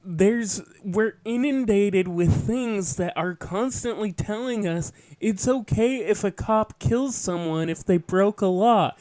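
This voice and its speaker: High, unhurried man lecturing on politics. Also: a little mellow, dry recording. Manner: earnest, lecturing, with asides and self-corrections. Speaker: podcast host. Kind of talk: political commentary monologue.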